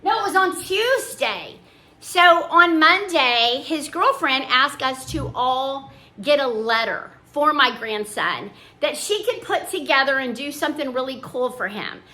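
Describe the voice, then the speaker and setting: An older woman talks through her day in a homey, rambling way. Her voice sits high and rings bright. She drifts off into small asides as she goes. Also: animated, measured pace. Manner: chatty and homey, trailing off into asides. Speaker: vlogger. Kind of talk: casual chat.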